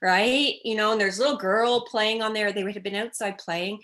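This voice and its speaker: Middle-aged woman, expert guest, lively anecdotal storytelling, voices the kids in her stories. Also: mid-range voice, normal speed. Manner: animated storytelling, acting out children's cries in quotes. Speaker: child development expert guest. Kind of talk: storytelling in a conversational interview.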